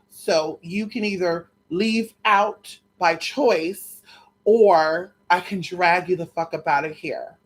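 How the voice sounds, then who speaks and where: A woman in casual storytelling chat, sassy and profane, acting out both sides of conversations. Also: low voice. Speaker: vlogger telling stories.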